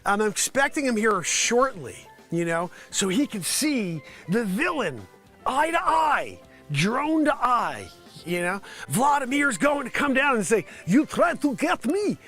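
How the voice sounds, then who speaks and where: High, bright-voiced man riffing a comedy bit. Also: sing-song, a little slow, soft background music. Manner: rambling, absurd, jokey; bursts into loud whooping. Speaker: improv comedy host. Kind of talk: improvised mock news report.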